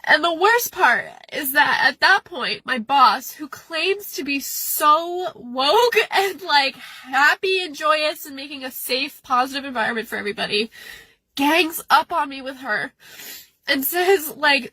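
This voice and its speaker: A woman's voice: high-pitched, animated, pushed and bright, dry recording. A young adult woman venting through tears about a hard day, recorded outdoors at a beach. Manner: tearful, upset, rapid venting. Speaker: person venting in a posted video. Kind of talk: emotional personal venting.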